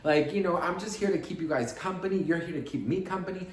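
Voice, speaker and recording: A man hosting a chatty celebrity commentary vlog in a sassy, campy, animated way, calling viewers best friend. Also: sits high, fast talker, reverberant, a little hiss or hum. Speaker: YouTube commentary host. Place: in Paris, in a room.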